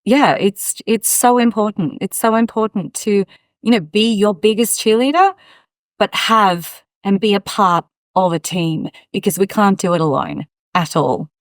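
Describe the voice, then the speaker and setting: A woman's voice: medium pitch, measured pace, no echo. A woman hosting an interview, speaking reflectively and often affirming her guest. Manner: warm reflective talk with frequent affirmations. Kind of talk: casual interview conversation.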